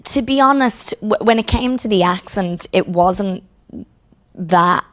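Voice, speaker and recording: A woman's voice: medium pitch, measured pace, fairly bright tone. A woman from Ireland with a Dublin accent, an actress talking thoughtfully as an interview guest. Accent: Dublin Irish. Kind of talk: casual interview chat.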